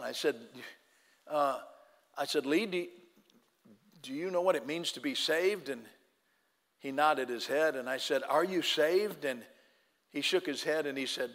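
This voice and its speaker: A man preaching a sermon, moving between loud calls to the congregation and hushed, quiet storytelling. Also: a little high, unhurried, long pauses. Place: church. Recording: long church reverb.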